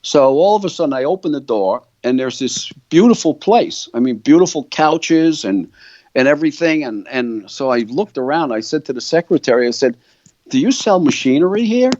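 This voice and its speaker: An older man tells a long story to an interviewer, slipping into the voices of the people he met. His voice sits in a middle pitch range. The recording is dry and close, with a slightly muffled, dull tone. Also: moderate pace, no echo. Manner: animated storyteller, quoting others' words. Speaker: guitar company founder.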